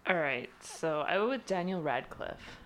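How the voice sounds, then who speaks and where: A woman's voice: fairly low pitch, animated, measured pace. A woman co-hosting a casual podcast chat, chatty and trailing off with frequent laughs. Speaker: podcast co-host.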